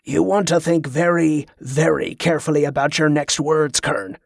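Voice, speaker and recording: A man's voice: fairly high pitch, moderate pace, gravelly, no room sound, studio quality. A man voicing a cruel, short-tempered male captor who snarls and mocks, in an audiobook. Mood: menacing. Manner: snarling, sarcastic.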